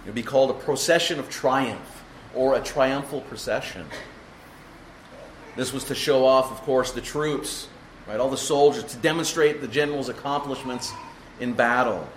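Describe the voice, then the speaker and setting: Male preacher, mid pitch, emphatic teaching sermon, roomy echo with a faint hum behind. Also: normal speed. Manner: expository, asks rhetorical questions, emphatic. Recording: echoey room with faint ambience.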